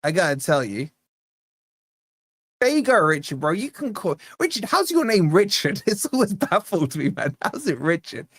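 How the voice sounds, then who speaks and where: A man's voice: sits high, big pitch swings, moderate pace, fairly bright tone, husky, dry recording, clean studio sound. A young man hosting a live football watch-along, bantering with the chat and reading out donation messages in a jokey way. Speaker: fan channel host.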